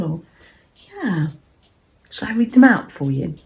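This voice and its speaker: Older english woman, craft vlog host, gentle rambling chat, mellow voice, unhurried. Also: mid-range voice, very animated. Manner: gentle, rambling, often dropping to a soft murmur. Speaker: craft vlogger. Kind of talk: cozy chatty crafting vlog.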